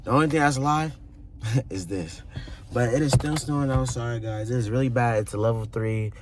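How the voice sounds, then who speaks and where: A young man vlogging on his phone through a snowstorm and in his car, talking straight to his viewers in a profane, excitable way. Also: mid-range voice, normal speed. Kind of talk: casual vlog talk to viewers. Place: outdoors and in a car during a snowstorm. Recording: noisy storm and car sound.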